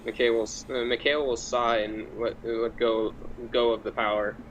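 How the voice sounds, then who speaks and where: A man playing a tabletop game, describing his character's actions in a hesitant, halting way. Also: medium pitch, flat delivery, slight background noise, low-quality recording. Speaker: player.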